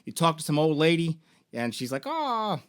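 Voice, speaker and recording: A young man hosts a casual game-story recap, rambling along with plenty of ums and swearing. His voice sits a bit higher than most men's. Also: fairly quick, clean tone. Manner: rambling, profane, full of fillers. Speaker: toy and game store host.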